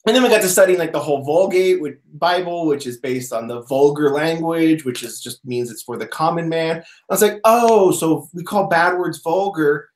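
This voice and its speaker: A man's voice: fairly high pitch, moderate pace, hardly any pauses, roomy sound. A man on a casual podcast, telling stories with lots of laughter and acted-out quotes. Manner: animated storyteller, laughs often, acts out quotes. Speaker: podcast co-host. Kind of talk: casual chat.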